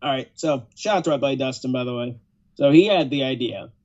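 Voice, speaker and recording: A man's voice: mid-range voice, fast talker, a little mellow. A man hosting a podcast in casual chat, laid-back and laughing easily. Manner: laid-back, laughing, "yes sir" affirmations. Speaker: podcast host. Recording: dull lo-fi.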